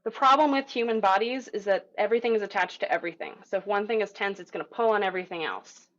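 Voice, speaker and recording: This woman talks fast in a mid-range, fairly bright voice while teaching a group voice lesson on a video call. Her style is relaxed and supportive, full of fillers, and she shows the sounds herself. The call audio is dull and lo-fi.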